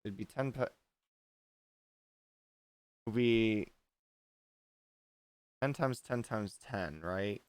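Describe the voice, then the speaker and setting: Man with a smooth, dry voice. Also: on the low side, drawn-out words, pauses often, a little mellow, no echo. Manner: rambling, restarts often, swears casually. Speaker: livestream host. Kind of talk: casual livestream chat.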